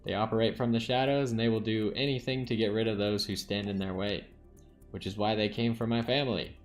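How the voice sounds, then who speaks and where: A determined young woman duelist, read out plainly by a man in his own low voice. There is no accent and no put-on voice, only faint game music in the background. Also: steady tone, a little fast, lightly acted.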